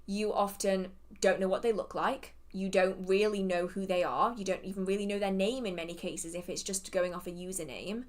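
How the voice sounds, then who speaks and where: A woman's voice: medium pitch, steady tone, moderate pace, few pauses. A woman with an English accent hosting a casual livestream Q&A, chatty and self-deprecating, laughing often and muttering to herself between questions. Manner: hums and mutters to herself while scrolling. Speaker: host of a live witchcraft Q&A.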